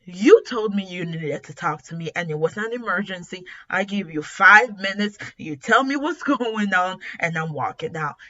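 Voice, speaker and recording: A woman's voice: lowish voice, animated, normal speed, hardly any pauses, pushed and bright, dull audio. A woman voicing a fed-up young princess who talks curtly and impatiently, as she retells a story.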